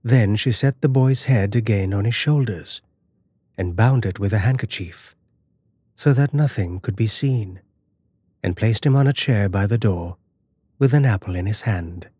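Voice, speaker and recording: A man giving a measured, dramatic scripted narration of a horror fairy tale. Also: fairly low pitch, a little mellow, breathy edge, no room sound.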